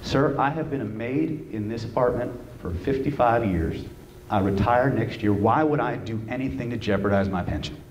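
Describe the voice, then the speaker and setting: A man's voice: medium pitch, expressive, moderate pace, dull audio, natural voice. A man voicing an older female maid of about sixty who answers indignantly and deflects the question. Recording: roomy hall with faint noise.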